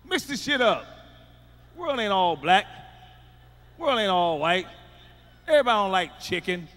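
A middle-aged man tells a stand-up routine in a high, sharp voice, loud, profane and emphatic. His voice rings through a reverberant hall, with faint noise underneath. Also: big pitch swings, a little slow. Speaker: stand-up comedian.

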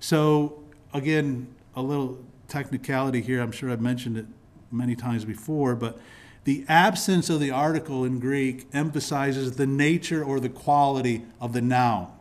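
A pastor preaching a sermon in church, explaining scripture in a teaching manner with frequent restarts and repeated words. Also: male voice, medium pitch, fairly even intonation, normal speed. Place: church sanctuary.

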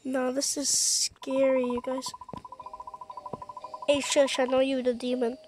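A woman giving casual, excitable commentary while playing a scary game, gasping and jumping at every scare. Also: sits high, takes it slowly, noisy background. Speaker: gaming streamer.

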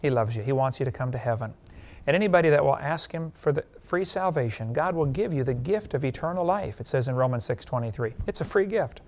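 A male evangelist preaching a sermon, an animated storyteller who laughs at his own jokes and appeals directly to the listener. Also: mid-range voice, fast talker.

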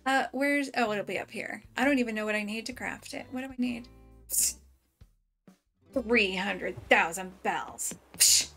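Brief: woman, high voice, unhurried delivery, bubbly let's play commentary, faint game music behind. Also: creaky. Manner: bubbly, excitable, chatty with viewers. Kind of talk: cheerful gameplay commentary.

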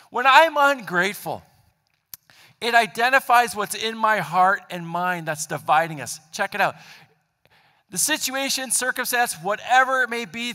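A man delivers a sermon in a high, ringing voice. He hammers home points in repeated lists. The sound carries a long hall reverb. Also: sharp tone. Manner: emphatic, builds repeated lists. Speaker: pastor. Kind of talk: sermon with a told story. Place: church sanctuary.

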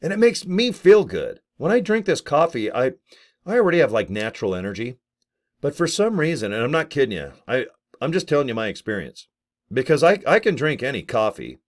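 A man's voice: mid-range voice, big pitch swings, a little fast. A middle-aged man talking casually to camera, joking and exaggerating in a playful rant. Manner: playful, exaggerated, jokey rants. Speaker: vlogger promoting products.

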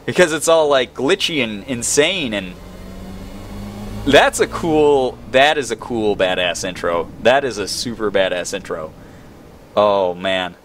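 A young man commentating a video game, excitable and quick to exclaim. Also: lowish voice, a little hiss or hum. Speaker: gaming video host. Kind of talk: let's play commentary.

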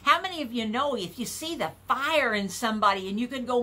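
A woman preaching a sermon in a folksy, animated way, putting questions to the congregation. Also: a little high, brisk.

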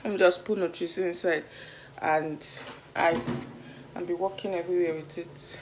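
A woman's voice: lowish voice, steady tone, moderate pace, background noise. A Nigerian woman chatting casually in a home vlog from her bedroom, full of dramatic asides and sometimes dropping to a whisper. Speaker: vlogger.

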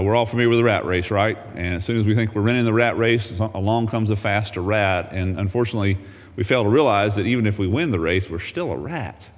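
A man's voice: lowish voice, big-room sound. A man teaching a Bible lesson as a pastor, folksy and humorous, reading scripture aloud.

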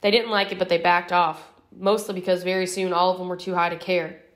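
A woman reading a novel aloud as an audiobook narrator in a steady, even storytelling manner. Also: on the low side, brisk. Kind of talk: scripted narration.

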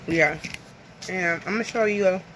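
A woman's voice: fairly low pitch, moderate pace, noisy background. A woman from the American South chatting casually to camera over lunch at home, rambling and nervous. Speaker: vlogger. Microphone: phone camera.

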